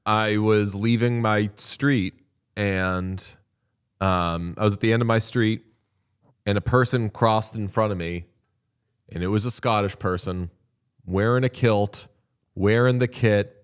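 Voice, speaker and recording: A man's voice: lowish voice, steady tone, unhurried, pauses often, clean tone. Swearing man telling rambling stories. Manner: rambling storytelling, heavy swearing. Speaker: podcast co-host. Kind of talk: casual chat.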